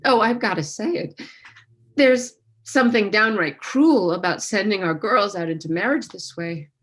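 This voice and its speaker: A woman's voice: mid-range voice, moderate pace, a bit bright, husky. A woman reading the part of a wistful middle-aged mother of the bride in a staged play reading over a video call. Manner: wistful, confiding, rueful.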